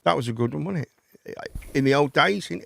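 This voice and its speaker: Chatty man with a gravelly voice. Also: on the high side, lively intonation, brisk, a bit bright. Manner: rambling, chatty, swears casually, calls people mate. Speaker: host of a live chat and phone-in show. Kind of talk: casual chat.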